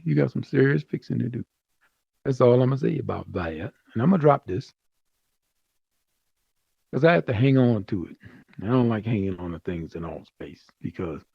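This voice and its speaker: A man with a gravelly, husky voice walks through recording tips in a loose, conversational way and reaches for food comparisons to make his points. His voice comes through a headset microphone as dull, low-fi audio. The sound is dry, with faint music behind him. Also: dry recording. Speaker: VR video creator teaching audio tips. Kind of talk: casual tutorial talk. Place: virtual reality space, voice through headset.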